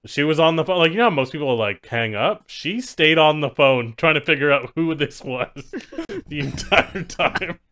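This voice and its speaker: A man's voice: fairly high pitch, big pitch swings, moderate pace, fairly bright tone, smooth. A young man hosting a podcast, telling stories in casual chat and laughing as he goes. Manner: laughs through his stories. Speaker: podcast host.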